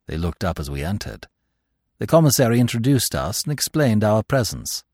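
Guy reading a classic mystery aloud, low and husky, dry sound. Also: moderate pace, dry recording. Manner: expressive, voicing each character. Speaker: narrator. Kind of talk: audiobook narration of a classic mystery.

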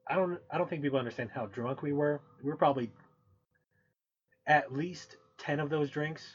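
A man's voice: a little high, moderate pace, breathy edge. A man co-hosting a podcast, chatting in a rambling, laid-back, profane way. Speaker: podcast co-host. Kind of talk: casual chat. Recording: dull, muffled audio.

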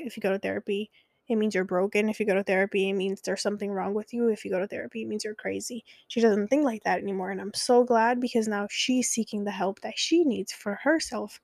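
A woman's voice: mid-range voice, gravelly, no echo, clean studio sound. A young adult woman telling a personal story in a candid, conversational way, with many fillers.

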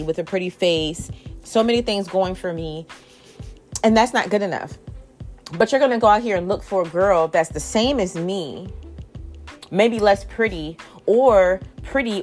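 A woman's voice: on the low side, a little mellow. A woman in her thirties ranting casually to camera, blunt and exasperated, swearing freely. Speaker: vlogger.

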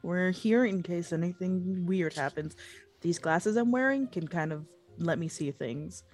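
A woman player in a tabletop game chats casually, joking around and speaking bluntly. Her voice is a little low for a woman. Faint music plays in the background. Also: expressive, measured pace, a little mellow.

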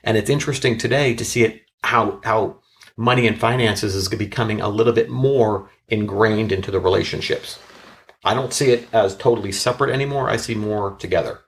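A man's voice: fairly low pitch, brisk, vocal fry. A man, a bankruptcy lawyer, telling an earnest story from his practice in a casual panel chat. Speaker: bankruptcy attorney on a podcast panel.

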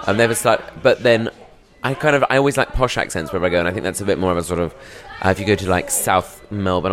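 A man's voice: deep voice, fast talker. A young British man, a touring stand-up comedian, chatting in a rambling, self-deprecating way in a podcast interview. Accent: British English. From England.

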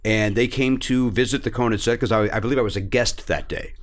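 A man's voice: mid-range voice, fairly even intonation, fast talker. A man from Chicago with a faint Chicago accent, chatting as a podcast guest and telling stories in a loose, comic way. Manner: chatty storyteller, slips into comic voices. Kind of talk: casual chat.

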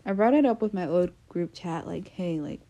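A woman's voice: fairly low pitch, animated, normal speed, warm tone. A young American woman hosting a casual solo podcast, chatty and self-deprecating, full of fillers and restarts. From United States. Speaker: podcast host.

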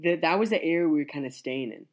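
A young man, a youth pastor, telling his story in a casual interview, earnest and halting with many restarts. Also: on the high side.

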